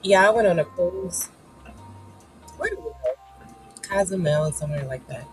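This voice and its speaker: A woman's voice: lowish voice, expressive, moderate pace, faint music behind, rough recording. Sniffly, chatty woman hosting a live stream. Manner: chatty, playful, encouraging with lots of "y'all" and "child". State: sniffly, coming down with a cold. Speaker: host of a live writing session. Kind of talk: casual live-stream chat.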